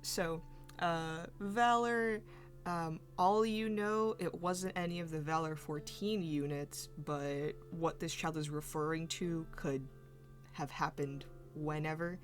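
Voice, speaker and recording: A woman narrating as game master in a tabletop game, relaxed and full of fillers. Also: low-pitched, slow pace, soft background music. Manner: relaxed, filler-heavy narration, laughs often.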